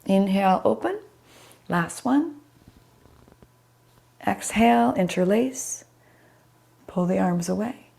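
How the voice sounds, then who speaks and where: Gravelly-voiced woman guiding chair yoga. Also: medium pitch, slow, long pauses. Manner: calm guiding cues, names students as she goes. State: slightly scratchy voice. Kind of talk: live online yoga class instruction.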